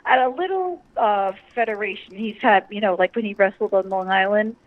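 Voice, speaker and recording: An older woman, a retired teacher, chatting warmly and emotionally as an interview guest, laughing often. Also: mid-range voice, fairly quick. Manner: chatty, giggly, emotional and effusive. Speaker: interview guest, wrestler's mother. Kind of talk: casual interview chat. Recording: tinny phone-like line, dry.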